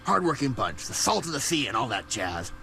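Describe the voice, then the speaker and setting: A paranoid aging caped vigilante. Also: male voice, medium pitch, big pitch swings, brisk, vocal fry, pushed and bright, a little hiss or hum, exaggerated voice. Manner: conspiratorial, growling asides.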